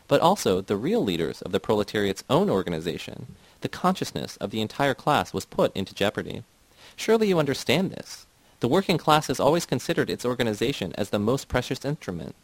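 A cold, doctrinaire party man lectures in long, condescending sentences, as a male narrator reads him. The delivery is measured and steady. The sound is dry and close. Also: medium pitch, dry recording, poor audio.

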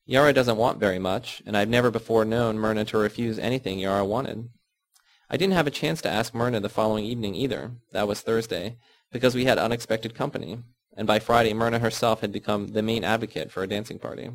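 A man narrating a novel in the first person, in a measured, even way. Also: lowish voice. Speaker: audiobook reader.

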